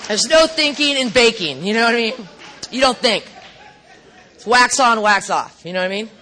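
A middle-aged woman speaking at a recovery meeting, telling her story bluntly and profanely with animated asides. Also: on the high side, moderate pace.

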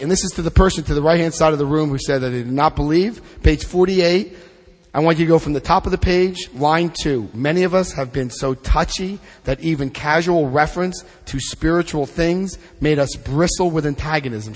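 A man's voice: a little high, normal speed, big-room sound. A man leading a twelve-step study group, reading passages aloud and adding blunt, joking asides. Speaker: recovery workshop leader.

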